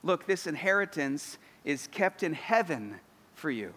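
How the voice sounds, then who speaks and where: A man's voice: fairly high pitch, very animated, a little slow, a bit bright, in a large hall. A man in his thirties preaching a sermon as a pastor, earnest and building to emphatic declarations.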